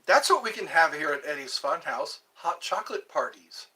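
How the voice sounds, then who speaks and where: A man's voice: on the high side, big pitch swings, normal speed, pushed and bright. A man hosting his own casual vlog, musing aloud and drifting from one topic to the next. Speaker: channel host. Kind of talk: casual solo vlog chat. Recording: voice a bit far from the mic.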